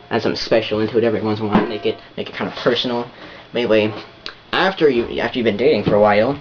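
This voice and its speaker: A man's voice: on the low side, dull audio, slight background noise. A man giving relationship advice in a rambling, repetitive casual monologue full of restarts.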